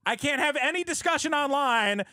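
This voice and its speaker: A man co-hosting a casual podcast, ranting in an animated way and acting out online arguments. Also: very high-pitched, fairly quick, no echo, studio quality. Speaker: podcast co-host.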